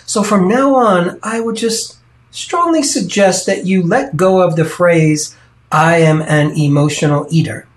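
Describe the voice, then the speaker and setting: A coach giving an earnest teaching talk, stressing and repeating key points to the listener. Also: mid-range voice.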